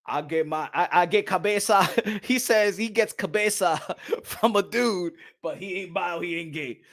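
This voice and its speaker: A man hosting a boxing channel in casual reaction commentary, excitable and profane, laughing often and repeating himself. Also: sits high, moderate pace. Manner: repeats himself, bursts into yelps.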